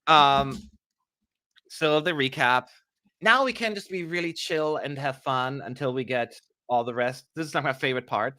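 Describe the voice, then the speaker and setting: Man, live-stream host, bright forceful voice, dry close sound, chatty, self-mocking, sarcastic. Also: mid-range voice, normal speed, no room sound. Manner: chatty, self-mocking, reads viewer questions aloud. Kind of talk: casual live-stream commentary.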